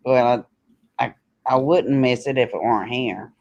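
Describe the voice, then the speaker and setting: A man's voice: medium pitch, normal speed, creaky, dull audio. A man from rural Florida with a Southern accent shaped by Kentucky, co-hosting a casual livestream chat and answering viewer comments in a folksy way. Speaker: co-host of a livestream.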